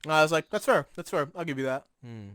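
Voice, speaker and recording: A young man co-hosting a casual podcast, telling stories in a lively way, laughing and swearing often. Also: on the high side, fast, clean tone, no echo, clean studio sound. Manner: animated storytelling, swears often, laughs a lot. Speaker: podcast co-host.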